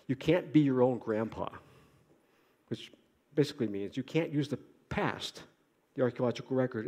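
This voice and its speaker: A male lecturer speaks at a mid pitch, lively and joking as he poses rhetorical questions to his audience. His voice rings with the long reverb of a lecture hall. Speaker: conference lecturer. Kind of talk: academic conference talk.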